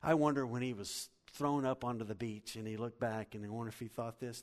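In an echoing hall, this pastor delivers his sermon at a moderate pace with a medium-pitched voice. He tells stories with energy, moving back and forth from booming to quiet.

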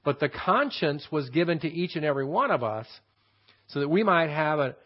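A man teaching a Bible passage verse by verse, stressing key phrases and repeating them slowly for emphasis. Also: on the high side, animated. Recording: dull lo-fi recording.

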